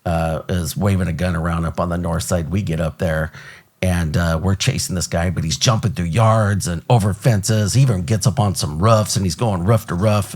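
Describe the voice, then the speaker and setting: A middle-aged man hosting an interview, telling a story with lively acted-out quotes. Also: low-pitched. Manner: animated storyteller, acts out quotes. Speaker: podcast host.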